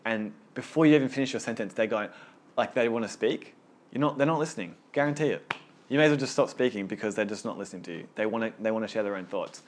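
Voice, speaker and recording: A man's voice: lowish voice, fast talker, a little hiss or hum. A man leading a small Bible study group, teaching casually and earnestly, often repeating words as he gets going.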